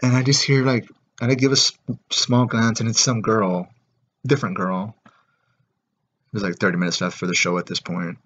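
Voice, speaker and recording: A man's voice: on the low side, level tone, moderate pace, pauses often, fairly bright tone. A man ranting casually to camera in a profane, rambling way, full of filler words. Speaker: vlogger. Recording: dull lo-fi recording.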